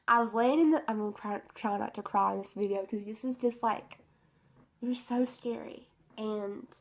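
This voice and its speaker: A woman's voice: on the high side, creaky. A young woman telling a personal testimony story in a rambling, emotional way, full of fillers, in her bedroom. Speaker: beauty vlogger.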